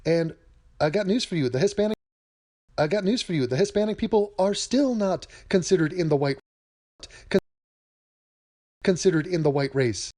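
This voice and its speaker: A man's voice: high-pitched, lively intonation, moderate pace, long pauses, darkish tone. Sarcastic man doing a reaction rant. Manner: sarcastic, mocking, repeats himself. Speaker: commentator. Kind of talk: reaction commentary.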